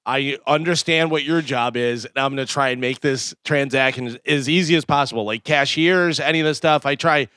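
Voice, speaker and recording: Radio co-host, man, smooth clear voice, animated storyteller, dry close studio mic. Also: mid-range voice, brisk, hardly any pauses, no room sound. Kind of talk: casual talk radio banter.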